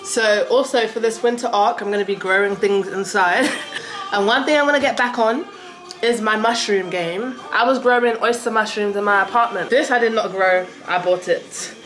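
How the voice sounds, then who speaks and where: A young woman talks to her handheld camera in a casual vlog, playful and quick to giggle. Her pitch sits in an ordinary middle range, and clear music plays behind her the whole time. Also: a bit bright. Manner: playful, giggly, self-amused. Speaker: lifestyle vlogger. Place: city garden and indoors. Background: music playing.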